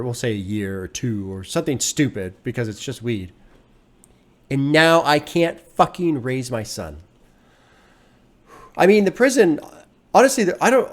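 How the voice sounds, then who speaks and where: A man hosting a music reaction video, talking casually in an earnest, rambling way and swearing freely. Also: medium pitch.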